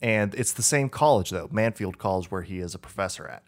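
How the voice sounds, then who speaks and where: A man's voice: low voice, lively intonation, fairly quick. A man co-hosting a podcast in casual chat, meandering and correcting himself as he recalls details, laughing easily. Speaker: podcast co-host.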